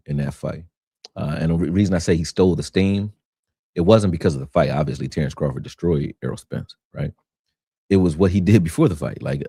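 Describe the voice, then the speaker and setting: A man with a very low voice talks boxing as a coach hosting a casual live stream. He chats straight to his viewers, loose and conversational, often repeating words while he lines up his point. His throat is slightly rough, and the sound is dry and close with no room echo. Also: dark tone. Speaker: boxing coach and show host. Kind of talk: casual livestream commentary.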